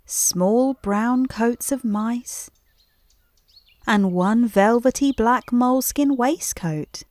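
A woman reading a bedtime story aloud in a gentle, unhurried voice. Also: fairly high pitch, dry recording.

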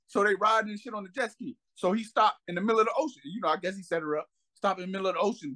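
A man chats casually on a podcast, fast and animated, telling stories full of heavy slang and profanity. He acts out quotes with big leaps in pitch and keeps repeating "you know what I'm saying".

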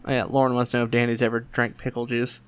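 A young man hosting a podcast, telling a work story in a quick, animated way and acting out other people's lines. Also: mid-range voice, clear, resonant tone. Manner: quick, animated anecdote-telling with voiced quotes. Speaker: podcast host. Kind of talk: casual storytelling chat.

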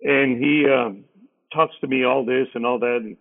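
A man's voice: mid-range voice, measured pace, creaky. A middle-aged man, a radio DJ telling stories as an interview guest and acting out the other people's lines. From San Antonio, Texas. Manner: lively storyteller, acts out others' lines. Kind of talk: casual storytelling. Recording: narrow phone-like sound.

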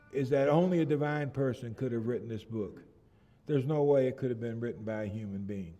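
A middle-aged man preaching a sermon, often restarting phrases and swelling loud and slow when he reads scripture. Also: medium pitch.

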